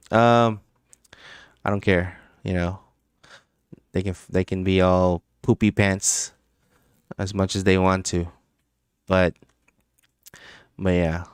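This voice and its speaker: Low smooth guy rambling on a crypto live stream, laughs a lot, cusses, dry close mic. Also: no room sound. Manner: rambling, laughs often, swears freely. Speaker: crypto trading livestream host. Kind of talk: casual live-stream chat.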